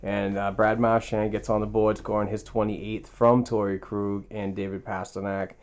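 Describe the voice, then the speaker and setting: A man hosting a podcast from a small home studio, casual and halting, repeating words and using many fillers. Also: fairly low pitch, flat delivery. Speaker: podcast host. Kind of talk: casual chat.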